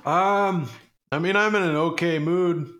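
A man co-hosting a casual podcast, his voice sitting a little higher than most men's. He reads questions and trivia aloud in a goofy, rambling way, swearing freely. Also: measured pace, background noise. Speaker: podcast co-host. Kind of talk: casual chat.

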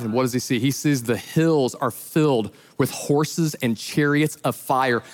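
A man who is a pastor, preaching a sermon as an animated storyteller who acts out the voices in his retellings. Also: on the high side, in a large hall.

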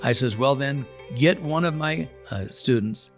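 A man's voice: mid-range voice, measured pace, vocal fry, soft background music. Earnest man sharing his testimony. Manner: earnest, emphatic storytelling with repeated words. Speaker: inmate leading a prison Bible study. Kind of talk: spoken testimony.

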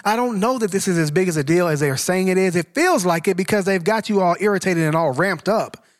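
A man's voice: high-pitched, fast talker, dry recording, clean studio sound. A man arguing bluntly and emphatically in a casual debate, swearing freely as he presses his point.

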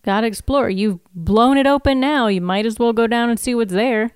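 A woman's voice: a little high, moderate pace, clean tone, no echo, clean studio sound. A woman co-hosting a podcast, chatting casually about TV and teasing her co-host with blunt, laughing remarks. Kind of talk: casual chat about TV episodes.

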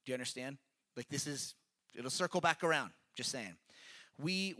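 A preacher with a medium-pitched, slightly bright voice delivers a casual, conversational sermon. He reads scripture aloud and explains it in an earnest, chatty way, often checking in with his listeners.

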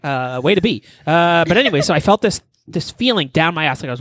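A man co-hosting a podcast tells a story in casual chat, animated and profane, exaggerating for comic effect. His voice is a little high and fast, with no echo.

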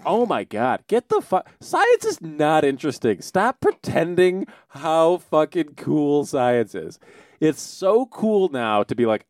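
A man's voice: a little high, huge pitch swings, slow, dry recording, clean studio sound. A man co-hosting a casual comedy podcast, ranting with lots of swearing and mocking impressions. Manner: ranting, profane, mocking voices. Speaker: podcast co-host.

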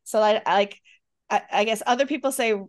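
A woman's voice: fairly high pitch, moderate pace. A middle-aged woman with a Western New York accent, co-hosting a podcast in casual chat and laughing often. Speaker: podcast co-host.

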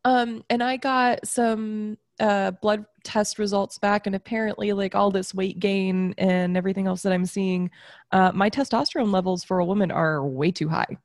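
A young woman co-hosts a podcast, chatting casually and rambling with plenty of fillers. Her mid-range voice keeps fairly even intonation at a moderate pace, captured as a dry, clean studio recording.

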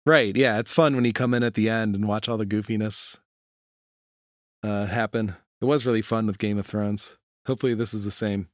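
Easygoing low-voiced man chatting. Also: steady tone, fairly quick, no room sound, clean studio sound. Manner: easygoing, asks short follow-up questions. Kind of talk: casual chat.

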